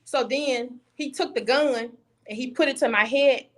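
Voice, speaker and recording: A woman's voice: high-pitched, moderate pace. A young woman guest on a video call, telling a personal story candidly and bluntly, often restarting her sentences.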